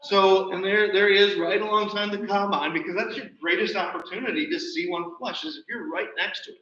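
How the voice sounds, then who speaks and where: High, bright man telling a birding story. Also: fairly quick. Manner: chatty, animated storyteller. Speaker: presenter. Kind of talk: slide show talk. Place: nature center hall. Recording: roomy, distant, dull livestream audio.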